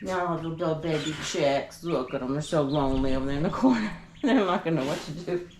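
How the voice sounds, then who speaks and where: Chatty woman vlogging on a farm. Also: fairly quick. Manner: chatty, talks to her ducks in a high sing-song baby voice. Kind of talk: casual farm vlog narration. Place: outdoor farm pen with poultry. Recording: clear poultry noise in the background. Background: birds clucking and chirping.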